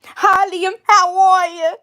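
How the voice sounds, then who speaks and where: A woman voicing an obsessive young farm girl doll with a put-on Southern US accent, high and loud with a drawling twang. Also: little pitch movement, takes it slowly, full character voice. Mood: chirpy.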